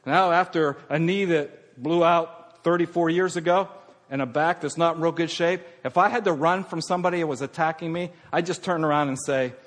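Middle-aged guy preaching, voice a bit high, goes from loud emphatic to hushed, big echoey hall. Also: brisk. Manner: swings from raised emphatic preaching to hushed, near-whispered delivery. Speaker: pastor. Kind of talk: sermon. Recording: long hall reverb.

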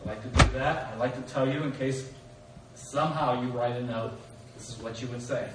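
Echoey preacher from far off. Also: male voice, medium pitch, brisk, a little hiss or hum. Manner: animated storytelling, voices for biblical figures, rhetorical questions. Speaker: pastor. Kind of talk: sermon. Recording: echoey hall recorded from far off.

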